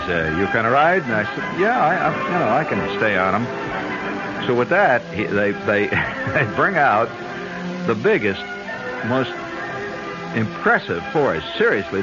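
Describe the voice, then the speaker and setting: Deep-voiced man spinning a rambling radio yarn. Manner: chatty, digressive, full of asides like "you know" and "see". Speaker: radio host. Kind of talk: rambling storytelling monologue. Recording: dull lo-fi 1970s radio broadcast with faint music.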